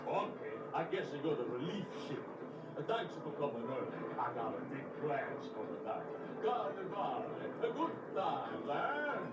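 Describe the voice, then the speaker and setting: Heard from across an echoey room over loud music, a rambling guard with a lively, bouncing voice chatters about his evening plans. The game sound comes through speakers and is picked up from a distance. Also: on the high side, normal speed. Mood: chatty. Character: chatty male guard, easygoing and hungry. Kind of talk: video game cutscene acting.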